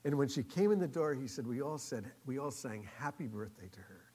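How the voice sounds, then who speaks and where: A male pastor telling a story in a sermon, acting out the quoted voices, getting loud for the lively parts and dropping soft for the tender ones. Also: medium pitch, a little fast, breathy edge.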